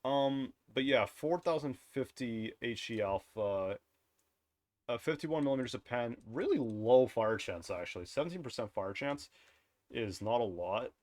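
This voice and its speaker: A man's voice: mid-range voice, animated, a little slow, darkish tone, no room sound. Offhand man rambling through a game review. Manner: rambling and offhand, often correcting himself mid-sentence; wry, chuckles at his own jokes. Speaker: game content creator reviewing a dev blog. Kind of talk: casual commentary over screen content.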